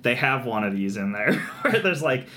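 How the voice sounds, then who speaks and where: A man's voice: medium pitch, very animated, normal speed, pushed and bright, a little hiss or hum. A young man co-hosting a casual podcast chat, talkative and laughing often between filler words. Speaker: podcast co-host. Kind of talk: casual chat about movie tropes.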